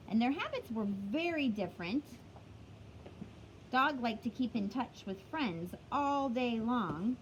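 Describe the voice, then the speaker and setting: A woman's voice: high voice, muffled recording, a little hiss or hum. A woman teacher reading a picture book aloud to children, chatty, stopping to explain words along the way.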